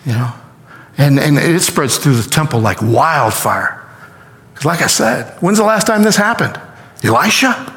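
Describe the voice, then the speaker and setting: Animated preacher man in a reverberant hall. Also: fairly high pitch, measured pace. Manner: animated retelling with acted-out quotes. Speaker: pastor. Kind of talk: storytelling sermon.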